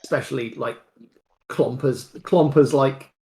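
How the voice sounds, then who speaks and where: A tabletop player who talks slowly, stopping and restarting mid-sentence. The voice has a gravelly, creaky edge. The player is working out their character's moves aloud. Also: medium pitch, steady tone, a little mellow, rough recording. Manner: slow, halting, many restarts. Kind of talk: playing a tabletop game.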